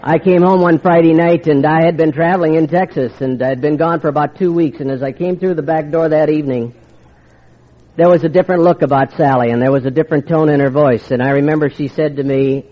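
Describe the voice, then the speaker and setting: A wry, confiding older man shares his story with a meeting, slipping into the voices of old arguments as he goes. His voice sits a little high for a man. The recording is dull and lo-fi, as if from an old tape. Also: fairly even intonation, fast talker. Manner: wry, confiding storyteller who acts out quoted exchanges. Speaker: speaker sharing his recovery story. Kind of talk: storytelling talk to a recovery meeting.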